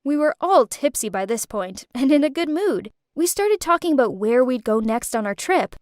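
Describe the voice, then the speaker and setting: Young woman narrating a storytime, high voice, swoopy and dramatic, dry close sound. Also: dry recording. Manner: animated, dramatic. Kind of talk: first-person storytime narration.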